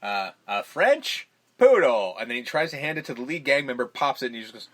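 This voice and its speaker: A man's voice: mid-range voice, very fast. A man co-hosting a podcast, casually retelling a movie scene by scene, acting out the lines and swearing freely. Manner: animated, acts out quoted lines, swears casually. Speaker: podcast co-host. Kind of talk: casual movie recap chat.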